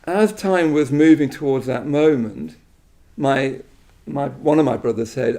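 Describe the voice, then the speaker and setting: Gravelly, mellow-voiced Englishman giving a talk. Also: mid-range voice. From England. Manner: halting, many restarts and soft trailing asides. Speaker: Buddhist teacher giving a talk. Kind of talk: reflective spoken talk.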